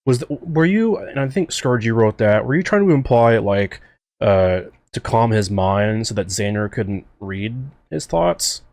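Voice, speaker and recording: A man talking through his own series in a casual director commentary, excitable and rambling, with lots of fillers and restarts. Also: lowish voice, unhurried, no echo, clean studio sound. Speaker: series creator and co-host.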